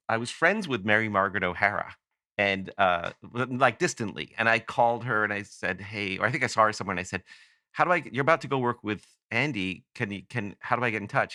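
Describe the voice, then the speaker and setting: Low bright-voiced Canadian man telling stories. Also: a little fast, dry recording, clean studio sound. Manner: rambling, self-correcting anecdotes. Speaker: guest author. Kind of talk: casual podcast storytelling.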